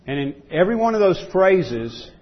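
Male pastor, husky voice, emphatic sermon delivery with repeated phrases, dull lo-fi recording. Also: sits high, big pitch swings, normal speed.

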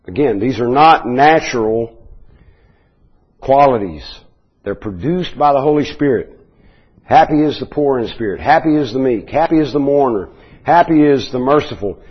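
Husky guy preaching, slow explaining tone, kinda dull lo-fi sound. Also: medium pitch, expressive. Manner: measured, explanatory, with restarts and asides. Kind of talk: Bible teaching sermon.

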